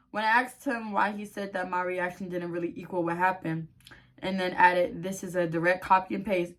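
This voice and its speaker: Foul-mouthed woman ranting over posts. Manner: profane, blunt outbursts between calmer reading; reads posts aloud in a lower, quieter voice. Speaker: online creator. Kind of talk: reacting to online posts, reading and commenting.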